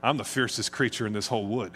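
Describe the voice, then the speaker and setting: A man's voice: on the low side, steady tone, fast talker, fairly bright tone, big-room sound, a little hiss or hum, pitched below the performer's own voice, lightly acted. A man voicing a clever, boastful little male mouse while retelling a children's storybook.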